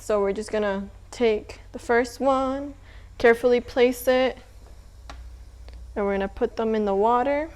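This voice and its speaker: Chatty woman with a high-ish voice. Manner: chatty, relaxed, talks while cooking and eating. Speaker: cooking channel host. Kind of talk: casual cooking tutorial.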